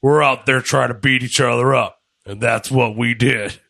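A man's voice: mid-range voice, steady tone, moderate pace, creaky, sharp tone. A man doing a blunt wrestler impression on a casual podcast, talking tough about physical fights.

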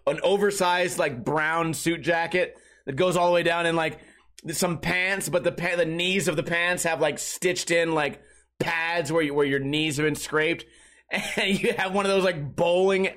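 A man's voice: a little high, fairly bright tone. A man hosting a podcast in casual chat, rambling, laughing between thoughts and restarting sentences. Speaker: podcast host.

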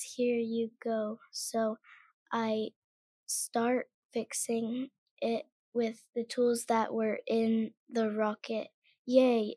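Slow, earnest young story reader. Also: female voice, on the high side, darkish tone, no room sound. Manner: earnest, halting reading. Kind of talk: reading her own story aloud.

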